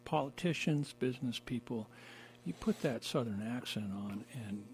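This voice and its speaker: A man hosting a casual conversation, playful and laughing a lot, talking in halting phrases. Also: mid-range voice, expressive, a little mellow, a little hiss or hum. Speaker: host.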